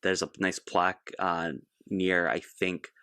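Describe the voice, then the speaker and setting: A man's voice: deep voice, flat delivery, slow, bright, forceful tone, clean tone, no echo, studio quality. A man co-hosting a podcast, giving an easygoing, loose episode recap with frequent fillers. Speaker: podcast co-host.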